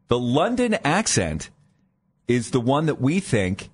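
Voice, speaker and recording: A man co-hosting a morning radio show, chatting and joking at a studio microphone. His voice moves freely up and down in pitch, playful and teasing. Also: huge pitch swings, takes it slowly, breathy edge. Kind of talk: casual radio banter.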